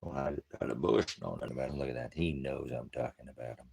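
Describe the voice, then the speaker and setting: Deep-voiced man rambling on a livestream. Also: fairly even intonation, fairly quick, vocal fry, darkish tone, husky. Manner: rambling, jokey, breaks off to baby-talk his dogs. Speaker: livestream host. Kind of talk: casual livestream chat.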